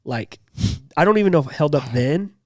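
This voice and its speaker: A man's voice: on the high side, lively intonation, fairly quick, no echo, clean studio sound. A young man co-hosting a podcast in loose, rambling casual chat full of fillers. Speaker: podcast co-host.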